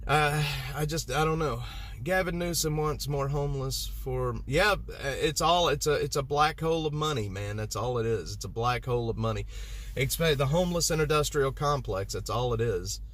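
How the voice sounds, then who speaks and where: Man, livestream host, fired-up, rambling, slightly high voice, talking from his car. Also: a bit bright, a little hiss or hum. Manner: rambling and heated, repeats himself. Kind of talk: livestream chat reading viewer comments. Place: inside a vehicle.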